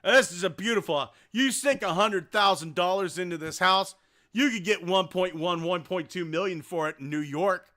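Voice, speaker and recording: A man voicing a loud, overexcited male home insurance inspector who shouts, swears and gushes. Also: high voice, moderate pace. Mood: boastful.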